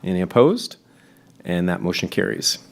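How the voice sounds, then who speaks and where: A man chairing a school board meeting, running through motions and votes in a steady, procedural way with occasional fillers. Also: deep voice, normal speed, creaky. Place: public meeting chamber.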